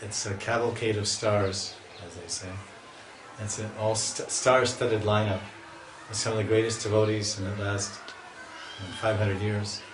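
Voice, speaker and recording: A man lectures on scripture in a loose, chatty way, breaking off and restarting his sentences as he tells stories. His voice sits fairly low, and the echoey hall recording sounds like it was picked up from a distance. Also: little pitch movement, normal speed, a little hiss or hum. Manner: chatty storyteller, laughs at himself, restarts often. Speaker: swami giving a scripture lecture.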